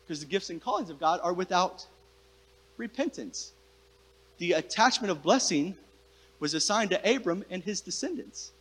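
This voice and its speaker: A man's voice: sits high, expressive, normal speed, long pauses, fairly bright tone, husky, long reverb tail. A male pastor preaching a sermon, talking conversationally and directly to his congregation in a church sanctuary.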